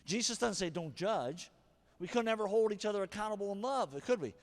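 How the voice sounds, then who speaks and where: High-voiced animated preacher in a reverberant hall. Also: male voice, a little fast. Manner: animated, acts out angry and gentle examples. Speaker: pastor. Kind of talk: sermon.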